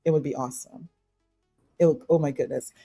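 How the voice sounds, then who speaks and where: A woman's voice: sits low, fairly even intonation, a little fast, mellow, husky, no echo, faint music behind. A woman on a live video-call panel, talking emphatically in casual debate, repeating and restarting her sentences.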